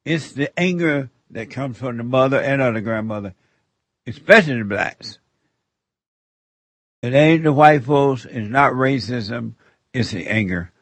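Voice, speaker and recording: Slow, preacherly radio host man. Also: mid-range voice, lively intonation, fairly bright tone, dry recording. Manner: rambling, laughing, preacherly. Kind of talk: call-in radio talk with spiritual counsel.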